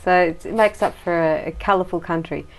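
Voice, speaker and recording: A woman's voice: lowish voice, steady tone, brisk. An Australian woman interviewing her brother in a casual, rambling chat, laughing often.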